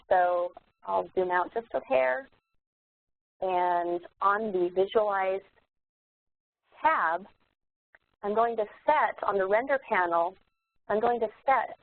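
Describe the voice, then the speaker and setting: Woman software trainer, chatty step-by-step demo, mid pitch, phone-quality audio. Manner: relaxed, explanatory, many fillers and restarts. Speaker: software instructor. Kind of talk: live webinar demonstration. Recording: tinny phone-like webinar audio.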